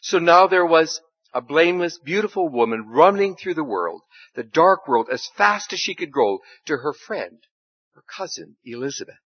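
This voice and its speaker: A man reading a story aloud in a church service, with expressive, dramatic delivery. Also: on the high side, moderate pace, husky, dry recording. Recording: slightly dull, dry recording.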